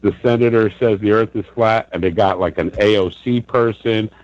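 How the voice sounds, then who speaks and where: A New York man calls into a live show and launches into an angry, profanity-heavy rant broken up by bursts of laughter. His voice is fairly low and darkish, with a steady tone and moderate pace. The casual call-in audio is dry, with no echo, and sounds dull.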